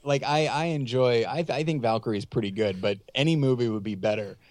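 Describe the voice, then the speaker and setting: A man's voice: mid-range voice, quick pace, darkish tone. A man chatting casually about films, rambling and correcting himself, with joking asides. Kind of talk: casual film chat.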